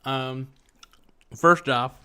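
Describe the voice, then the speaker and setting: A man's voice: mid-range voice, drawn-out words, bright, forceful tone, clear, resonant tone. Young man, casual livestream host, rambling jokester who pokes fun at himself. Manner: rambling, joking, self-mocking. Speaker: live streamer reading chat.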